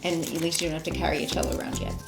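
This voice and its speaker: A bubbly, enthusiastic Australian woman hosts a podcast and chats warmly with a young guest. Her voice has a gravelly edge. The room sounds echoey, with music playing behind her. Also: low-pitched, little pitch movement, rapid-fire. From Melbourne, Australia. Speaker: podcast host. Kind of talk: casual chat with a child guest.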